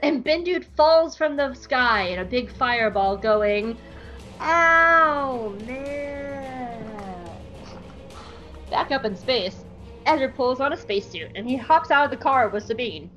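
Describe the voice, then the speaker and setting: A woman hosting a podcast, recapping an episode in an animated, jokey way. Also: fairly high pitch, normal speed, lo-fi sound, faint music behind. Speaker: podcast host.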